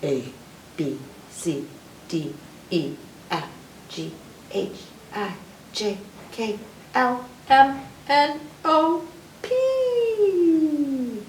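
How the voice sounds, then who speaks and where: A woman hosts a library storytime, reading a children's alphabet book aloud and playfully acting out letter sounds with sing-song phonics and sound effects. Her voice is on the low side, with big pitch swings, and she speaks extremely slowly with frequent pauses. The distant mic picks up an echoey room and slight background noise.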